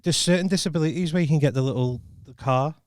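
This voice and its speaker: A man's voice: fairly high pitch, quick pace, dry recording. A man in his thirties co-hosting a podcast, joking and laughing often, with a close, dry mic sound. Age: 30s. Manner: jokey, laughs often, puts on silly accents. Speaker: podcast co-host. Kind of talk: casual banter.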